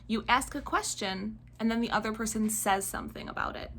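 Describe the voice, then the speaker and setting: A woman teaching kindergartners in a video lesson, speaking slowly and clearly in an encouraging way. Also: fairly high pitch, a bit bright, slight background noise. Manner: slow, clear and encouraging, acting out children's voices. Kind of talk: video lesson for young children.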